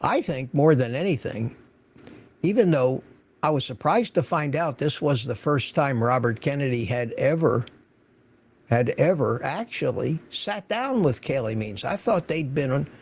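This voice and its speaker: A man's voice: mid-range voice, animated, measured pace, darkish tone, breathy edge. An older man hosting a livestream, chatting casually and rambling as he greets viewers by name from his home studio. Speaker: livestream host.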